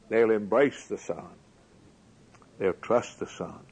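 A man's voice: on the low side, slow, long pauses, a little mellow, husky, poor audio. A man preaching a sermon, building his points with rhetorical questions and a rising, emphatic cadence.

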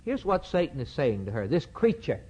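Animated preacher on lo-fi tape. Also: male voice, on the high side, moderate pace, husky. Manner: emphatic, repetitive, rhetorical questions. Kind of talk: sermon, Bible exposition. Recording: dull lo-fi recording.

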